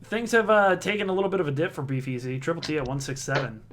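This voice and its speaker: A man's voice: on the high side, very fast, slight background noise. A man giving casual play-by-play commentary on a darts league, chatty, reading out scores and viewer comments.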